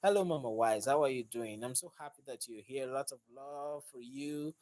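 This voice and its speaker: A man's voice: medium pitch, moderate pace, darkish tone. A man, a mechanic hosting a casual live stream, upbeat as he greets and thanks viewers, recorded on a phone he holds in his hand. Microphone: phone held in hand.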